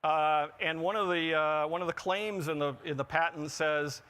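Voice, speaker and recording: A man's voice: a little high, steady tone, moderate pace, sharp tone, clean tone. A middle-aged man giving a humorous conference talk, with wry jokes and asides. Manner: wry, joking delivery with asides. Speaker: conference speaker. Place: conference pavilion on a show floor.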